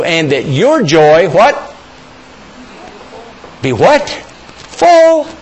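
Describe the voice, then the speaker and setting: An older male preacher delivers a sermon in a high voice that swoops up and down with animation. He keeps putting questions to his congregation and calling for amens. His delivery rises and falls freely through the whole message. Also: husky, rough recording.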